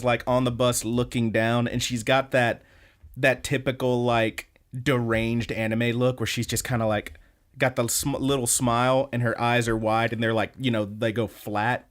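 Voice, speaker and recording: A man co-hosting a podcast in casual, laid-back chat, joking around and swearing freely. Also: medium pitch. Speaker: podcast co-host.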